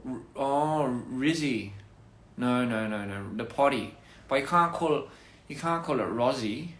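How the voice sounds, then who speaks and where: A man's voice: mid-range voice, measured pace, fairly bright tone, reverberant. A man chatting casually on a phone livestream, rambling through goofy wordplay and laughing at his own jokes. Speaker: livestream host.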